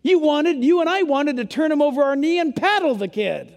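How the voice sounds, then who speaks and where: A male pastor preaching a sermon to his church during a service, speaking emphatically and sometimes yelling. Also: very high-pitched, animated, a little fast, big-room sound.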